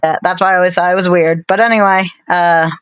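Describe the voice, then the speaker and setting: A woman co-hosting a live stream, chatting casually in a rambling, self-deprecating way with many fillers and pauses. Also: fairly low pitch, fairly even intonation, clear, resonant tone, dry recording, poor audio.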